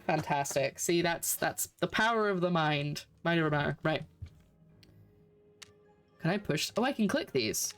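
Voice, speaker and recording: Scottish streamer, chatty, thinking out loud during a let's play. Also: medium pitch, animated, unhurried, long pauses, faint music behind. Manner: chatty, thinking aloud while puzzling. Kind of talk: casual let's-play commentary.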